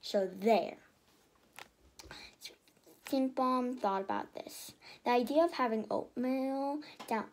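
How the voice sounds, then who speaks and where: A woman reading a children's storybook aloud in a lively way, often stumbling and restarting. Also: on the high side, slight background noise. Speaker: reader.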